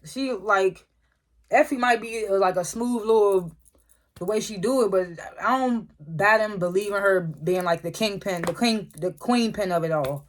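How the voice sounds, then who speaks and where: A reviewer loosely retelling a TV episode in a casual recap, with many "like" fillers and frequent throat clearing. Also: mid-range voice, normal speed, a little hiss or hum. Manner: loose storytelling, lots of "like" and "was like" retellings.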